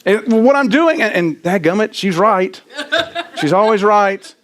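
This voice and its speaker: Preaching from the sanctuary, this middle-aged pastor speaks in a high voice at a somewhat slow pace. He pokes fun at himself with lively energy and keeps checking in with the congregation by asking "right?"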